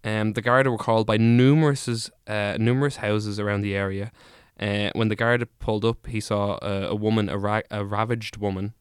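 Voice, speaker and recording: A man's voice: fairly low pitch, fairly even intonation, a little fast, few pauses, clear, resonant tone, dry recording, studio quality. A young man on a casual podcast, retelling a ghost report in a jokey way, correcting himself as he goes. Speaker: podcast co-host.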